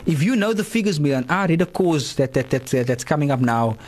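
A man hosting a radio talk show, animated and repetitive, often checking in with "right?". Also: on the high side, a little fast, a little hiss or hum. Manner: animated, repeats words, asks "right?" often.

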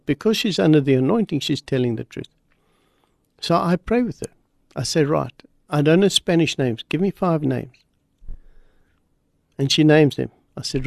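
A man's voice: a little high, gravelly, no echo, studio quality. A man speaking as a guest pastor on a radio program, telling a story in an earnest, emphatic way.

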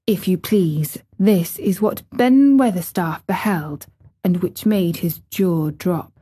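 Give me a woman narrating an audiobook at an unhurried pace. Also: fairly low pitch, mellow, husky. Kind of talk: audiobook reading.

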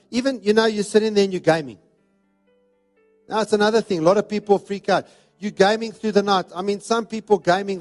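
A high-voiced man delivers a sermon, hammering his points home with repeated phrases. Soft music plays faintly beneath his voice. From South Africa. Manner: emphatic, repetitive preaching cadence. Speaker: pastor.

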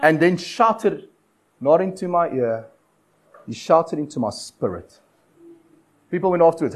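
A man preaching a sermon, urging his listeners with repeated phrases and dramatic pauses. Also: a little high, animated, poor audio. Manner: exhortative, repetitive cadence with dramatic pauses.

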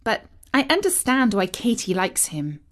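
A woman's voice: a little high, sing-song, measured pace. A woman voicing a confident, self-assured teenage girl in a storybook who speaks in a smug, dry way.

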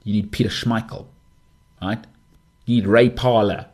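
Husky, opinionated man in his thirties. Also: lowish voice, a little slow. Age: 30s. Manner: opinionated, emphatic, lively delivery. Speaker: sports podcast host. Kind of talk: casual monologue.

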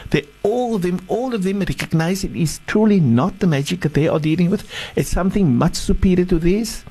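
Male sheikh, sermon storyteller, warm tone, somewhat high voice, halting restarts. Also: animated, husky, poor audio. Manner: halting, repeats words while searching.

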